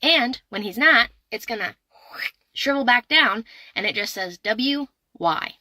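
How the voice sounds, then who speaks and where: Sassy lady telling a dirty joke, highish bright voice, real dry. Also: animated, a little slow, no echo. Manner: playful, sassy delivery with voiced characters. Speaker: joke teller.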